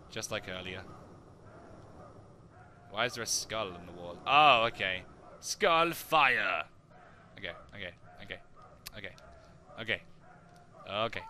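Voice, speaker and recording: A young man, joking and excitable as he comments on his own gameplay and talks to his viewers. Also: medium pitch, moderate pace, long pauses, slight background noise. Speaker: let's play gamer.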